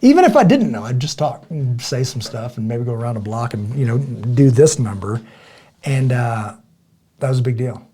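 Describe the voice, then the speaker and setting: A man's voice: medium pitch, moderate pace, slightly rough. A man co-hosting a casual podcast, telling stories animatedly and acting out quoted dialogue. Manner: animated storyteller, acts out quoted dialogue loudly. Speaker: podcast co-host.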